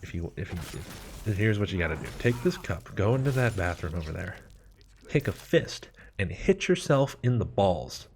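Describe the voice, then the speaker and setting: A man voicing an uncle who leans in to give hushed, serious man-to-man advice. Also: big pitch swings, moderate pace, a little hiss or hum. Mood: confiding. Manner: hushed, low, confiding.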